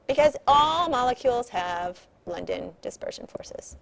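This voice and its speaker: Woman, chemistry teacher, recorded lecture, slightly gravelly voice, patient, repeats key points. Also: medium pitch, animated, normal speed. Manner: patient, repetitive explaining with emphasis. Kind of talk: recorded lecture over slides.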